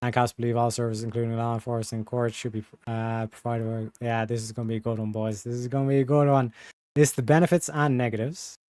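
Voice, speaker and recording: Dude streaming, reading stuff out loud w sarcastic crude comments, dry close mic. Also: male voice, medium pitch, level tone, quick pace, smooth, no room sound. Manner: sarcastic asides, crude language. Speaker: livestreamer. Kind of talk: casual livestream, reading text aloud with commentary.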